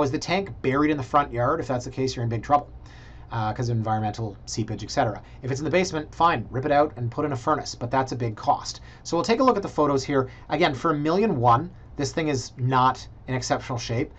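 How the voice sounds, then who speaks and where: A man's voice: mid-range voice, lo-fi sound. A man, a realtor chatting casually through property listings and thinking aloud with joking asides. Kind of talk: casual screen-share vlog commentary. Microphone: computer mic.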